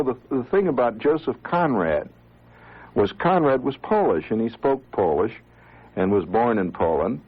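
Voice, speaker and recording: A man and amateur radio operator giving an informal, animated talk to listeners, chuckling now and then and often restarting his sentences. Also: lowish voice, husky, phone-quality sound.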